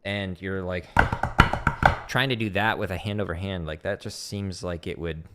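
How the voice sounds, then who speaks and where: Heavy background noise surrounds a man whose low-pitched voice holds a steady tone at normal speed. He's a drum instructor on a home livestream, counting rudiment patterns aloud into a desk mic from his practice room, chatty and loose with many "like" fillers.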